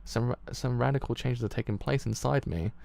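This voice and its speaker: A man's voice: mid-range voice, brisk, vocal fry, darkish tone. A man with a British accent voicing a young woman who has turned vain and cruel, in a haughty, sneering way. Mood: boastful.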